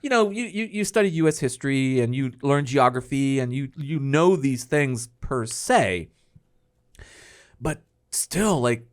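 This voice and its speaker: This Texas-raised host talks casually and swears freely, and he is quick to laugh. His voice is a man's ordinary middle pitch, with loose, conversational pacing. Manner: relaxed, profane, easily amused. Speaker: podcast host. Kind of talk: casual podcast chat.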